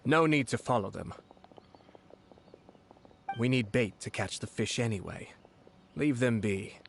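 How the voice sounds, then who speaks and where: An actor playing a composed young noble commissioner in a video game, measured and formal. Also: male voice, medium pitch, animated, vocal fry, slight background noise. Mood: calm.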